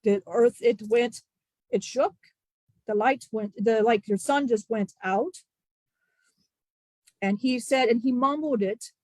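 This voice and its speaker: A woman channeling the spirit of an ancient male disciple, telling a grieving testimony in halting, emotional bursts with many restarts. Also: on the high side, a little mellow, no room sound. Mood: solemn.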